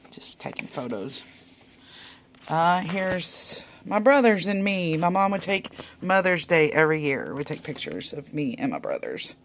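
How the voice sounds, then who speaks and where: A woman, chatting casually while leafing through old photos, rambling and muttering soft asides. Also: low-pitched, slight background noise. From Texas. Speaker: vlogger. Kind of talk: casual reminiscing over a photo album.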